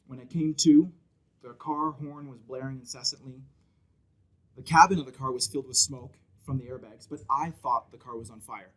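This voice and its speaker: Bright-voiced man telling a story. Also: medium pitch, moderate pace, poor audio. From Canada. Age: 30s. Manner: vivid storytelling, shouts out quoted children. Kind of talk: personal story at a story slam.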